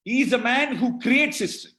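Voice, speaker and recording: A man's voice: very high-pitched, lively intonation, a little fast, bright, forceful tone, reverberant. A man with an Indian English accent giving a motivational talk, emphatic and rhetorical, quizzing his listeners and calling out who answered right. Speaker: motivational speaker. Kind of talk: motivational talk to an online audience.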